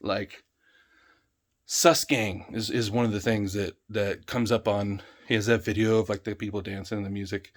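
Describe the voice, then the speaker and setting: A man's voice: fairly low pitch, level tone, normal speed. A man ranting in a vlog, heated, emphatic and full of swearing. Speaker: vlogger.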